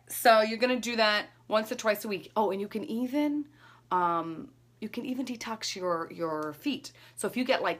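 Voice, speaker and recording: A woman's voice: fairly low pitch, a bit bright. A woman in her thirties chatting casually through her skincare and makeup routine, rambling and laughing at herself. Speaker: beauty vlogger.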